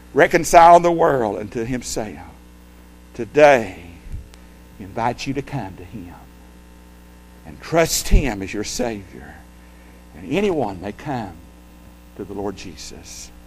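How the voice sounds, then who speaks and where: A male preacher delivering a sermon. He quotes scripture in old-fashioned wording and swings between loud, emphatic lines and hushed, low ones.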